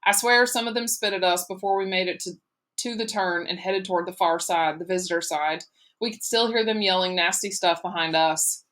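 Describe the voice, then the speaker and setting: A woman reading a novel aloud as an audiobook narrator in a steady, measured way. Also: lowish voice.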